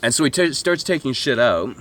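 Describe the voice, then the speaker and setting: Male travel vlogger, mid-pitched, rambling comic storyteller, swears freely, mocks himself, outdoor chat. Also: big pitch swings, brisk, a bit bright. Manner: swearing, self-mocking, with mimicked voices and asides.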